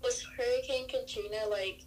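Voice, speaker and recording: A woman's voice: on the high side, steady tone, moderate pace, a little hiss or hum, low-quality recording. A young woman answering questions on a homemade mock news show, blunt and terse, prone to giggles. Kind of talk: casual mock news banter.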